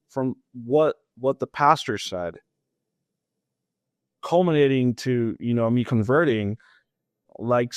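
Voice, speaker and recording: Animated man telling his story. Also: mid-range voice, dry recording. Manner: animated, laughs often, acts out dialogue. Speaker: interview guest. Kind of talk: casual storytelling.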